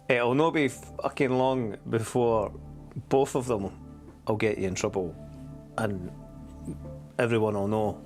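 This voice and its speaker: A man's voice: mid-range voice, a little slow, pauses often, soft background music. A Scottish man hosting a casual livestream, rambling and swearing freely, with chuckles along the way. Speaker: streamer host.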